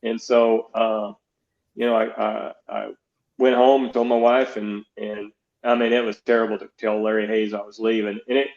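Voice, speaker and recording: A man's voice: lowish voice, level tone, normal speed, a little mellow. Older man rambling through coaching stories. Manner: rambling, many restarts, quotes others in dialogue. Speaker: guest, baseball pitching coach. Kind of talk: storytelling interview. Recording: roomy, dull lo-fi sound.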